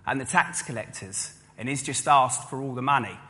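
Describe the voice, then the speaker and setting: A man preaching a sermon, telling a story lively and acting out the listeners' voices. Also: mid-range voice, moderate pace. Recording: long hall reverb.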